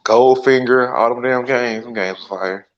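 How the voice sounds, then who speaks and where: A man's voice: medium pitch, normal speed, muffled recording. A man chatting casually with friends on an online voice call, laid-back and full of slang and profanity. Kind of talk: casual chat.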